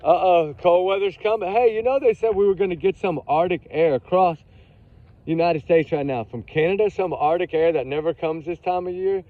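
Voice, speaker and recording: Texan guy chatting outside, kinda high voice, goes off topic a lot, sounds like a phone. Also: brisk, dry recording, phone-quality sound. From Texas. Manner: rambling, chatty, drifts off topic. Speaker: vlogger. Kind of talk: casual chat. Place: outdoors.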